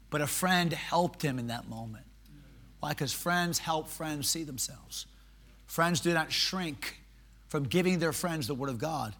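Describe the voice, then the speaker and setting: High-voiced, animated male preacher. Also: unhurried, breathy edge. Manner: animated, swings from quiet asides to loud exhortation; humorous, conversational. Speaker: pastor. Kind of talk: sermon.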